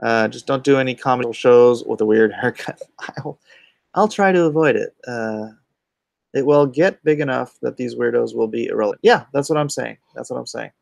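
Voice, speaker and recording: A man's voice: mid-range voice, moderate pace, creaky, darkish tone, no room sound. A comic artist hosting a casual livestream, reading viewer chat aloud and answering offhandedly while muttering asides about his setup.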